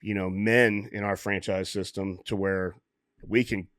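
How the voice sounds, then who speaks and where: A man's voice: low-pitched, steady tone, measured pace, a bit bright, no echo, clean studio sound. A man hosting a podcast, talking in a blunt, candid way and swearing casually. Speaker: podcast host. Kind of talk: casual conversation.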